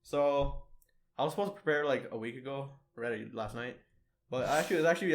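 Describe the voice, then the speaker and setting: A man's voice: mid-range voice, fast. A young man co-hosting a casual podcast, retelling an anime plot with lots of fillers and restarts, acting out characters' lines as he goes. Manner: rambling, many fillers and restarts, acts out lines in quotes. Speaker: podcast co-host.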